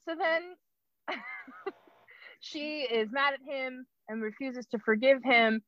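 A young woman giving a casual, playful plot synopsis, slipping into characters' lines with laughter. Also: sits high. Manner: playful, acts out characters in quick asides and laughs. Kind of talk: casual chat. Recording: dull, lo-fi sound.

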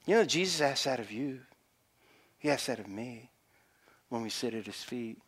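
A man's voice: mid-range voice, expressive, moderate pace, husky. A middle-aged man preaching a sermon as a pastor, acting out the voices of people in the Bible story.

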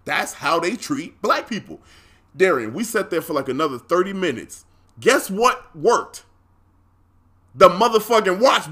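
A man's voice: sits high, pushed and bright. A man co-hosting a podcast, telling a story in casual chat, acting out the others' lines, laughing often and swearing freely. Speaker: podcast co-host.

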